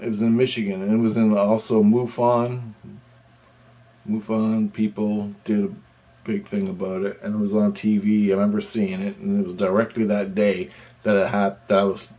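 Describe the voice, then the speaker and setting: A man telling a personal story in a casual, rambling way, acting out what others said with sudden excited jumps in his voice. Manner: animated, quotes others with big pitch jumps, rambling with restarts. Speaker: storyteller recounting a personal experience.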